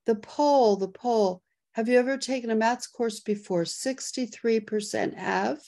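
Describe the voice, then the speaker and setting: A woman hosting a casual live webinar over a video call, excitable and quick to laugh as she reads poll results and the chat. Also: a little high, creaky. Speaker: host.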